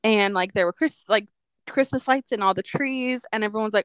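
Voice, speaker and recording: A woman's voice: mid-range voice, fairly quick, fairly bright tone, clear, resonant tone, no room sound. Chatty young woman, dry close sound. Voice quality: says "like" a lot, chatty and reflective. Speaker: podcast co-host. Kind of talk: casual chat, personal storytelling.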